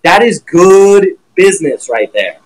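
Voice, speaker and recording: A man teaching trading on a live stream with blunt, profane, animated talk while sharing his screen. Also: high voice, a little slow, poor audio.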